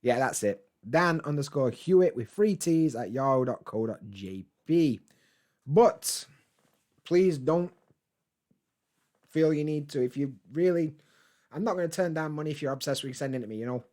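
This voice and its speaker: A man's voice: a little high, animated, moderate pace, a little mellow. Laid-back man chatting. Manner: laid-back, chatty, swears freely, laughs often. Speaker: vlogger reading live chat. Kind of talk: casual live-stream chat.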